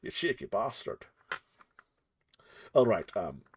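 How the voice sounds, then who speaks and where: A male streamer and game master fills time before a tabletop session with rambling, jokey chatter. He swears freely, mocks himself, and his voice sits at a middling pitch. It swings up and down with lively energy. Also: normal speed, pauses often, breathy edge. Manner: self-mocking and excitable. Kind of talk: casual live-stream chat before a game.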